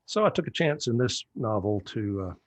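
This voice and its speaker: A man who writes novels, talking as a podcast guest in a measured way with many fillers. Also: lowish voice, expressive. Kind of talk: casual podcast chat.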